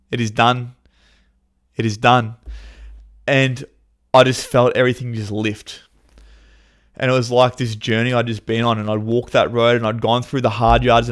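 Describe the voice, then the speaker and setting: A man, hosting a podcast and telling a personal story in a candid, emotional way, swearing freely. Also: mid-range voice. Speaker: podcast host.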